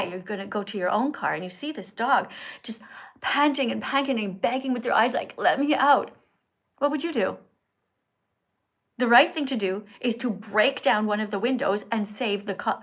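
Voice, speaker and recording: A woman hosting a live stream from her phone, talking earnestly and in a preachy, teacherly way to her viewers. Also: medium pitch. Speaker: livestream host. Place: indoors in Italy.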